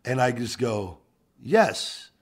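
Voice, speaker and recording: A man with a low voice hosts a casual podcast. He talks in an animated, profane way, piling up stories with restarts. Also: brisk. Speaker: podcast host, former wrestler.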